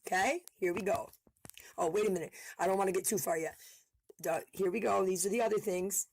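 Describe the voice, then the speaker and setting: A woman commentator talking in a heated, fast way, swearing often. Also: mid-range voice, darkish tone, slight background noise. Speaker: online commentator. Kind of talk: casual commentary video.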